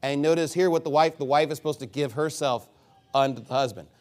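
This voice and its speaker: A man preaching a sermon, reading scripture slowly and then pressing his points with rhetorical questions and repeated phrases. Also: on the high side, darkish tone. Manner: reads scripture slowly and deliberately. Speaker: pastor.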